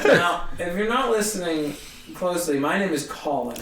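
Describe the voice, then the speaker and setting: A young man, a guest comedian, telling a story in a casual, animated way and acting out the people in it. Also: sits high, normal speed, far from the mic, crowd noise. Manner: animated, acts out other people's voices. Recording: roomy echo, a bit off-mic, faint hiss.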